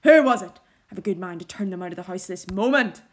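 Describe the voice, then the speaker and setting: A woman reading the lines of a volatile, harsh, brooding man who is master of the house, speaking gruffly and abruptly. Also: lowish voice, fast talker, close to an everyday voice. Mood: angry.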